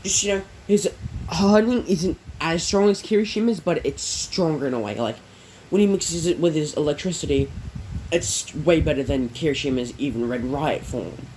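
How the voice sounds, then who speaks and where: A man's voice: a little high, normal speed, darkish tone, slight background noise, low-quality recording. A man casually narrating a fan-made story, rambling with many fillers and self-corrections.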